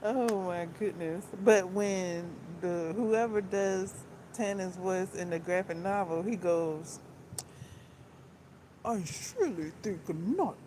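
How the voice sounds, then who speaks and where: A woman's voice: lowish voice, fairly even intonation, slow pace, mellow, a little hiss or hum, rough recording. A woman vlogging about books in a casual, rambling way, often repeating herself and laughing as she talks. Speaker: book vlogger. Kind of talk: casual chat.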